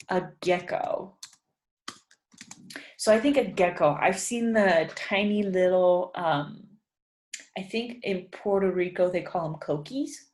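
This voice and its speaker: Unhurried woman teaching English, echoey room. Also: on the low side. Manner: thinks aloud with many ums, repeats sentences slowly for learners. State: yawning, sleepy. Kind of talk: casual spoken lesson, writing practice.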